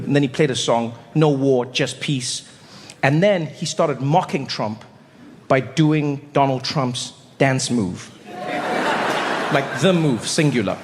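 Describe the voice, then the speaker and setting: Animated male stand-up comedian. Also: fairly high pitch. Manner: animated storytelling with acted voices. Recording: live hall reverb, faint noise.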